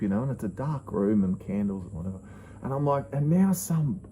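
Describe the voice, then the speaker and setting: A man tells a personal story casually, acting out his own thoughts in hushed asides. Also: mid-range voice, a little hiss or hum, rough recording. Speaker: channel host.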